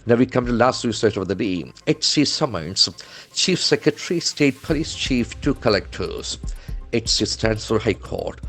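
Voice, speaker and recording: A man's voice: medium pitch, lively intonation, normal speed, fairly bright tone, soft background music. A man teaching vocabulary from newspaper headlines, spelling words letter by letter and modeling their pronunciation. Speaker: English trainer.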